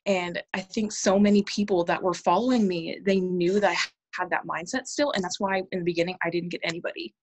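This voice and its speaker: Brief: woman testifying on a video call, nervous, halting, laughs often, low-pitched. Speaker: team member sharing her story.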